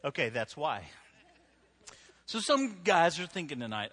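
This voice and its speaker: Bright-voiced joking male pastor. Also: fairly high pitch, very animated, measured pace, pauses often. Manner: joking, conversational, asks the crowd "right?". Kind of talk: humorous sermon. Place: church with a live audience.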